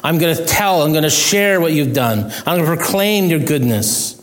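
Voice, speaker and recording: A man's voice: a little high, lively intonation, moderate pace, soft background music. A middle-aged male pastor preaching a sermon in an earnest, conversational way, with self-deprecating humor.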